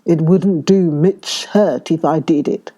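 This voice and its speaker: A woman voicing an awkward young farmhand man with slow, drawling, rustic speech. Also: medium pitch, fairly even intonation, warm tone, lightly acted.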